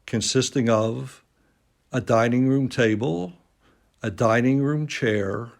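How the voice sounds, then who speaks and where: A man with a medium-pitched voice and noticeable vocal fry reads a classic tale slowly, like a storybook. He's at a dining table at home, recording on a phone, and pokes dry fun at himself along the way.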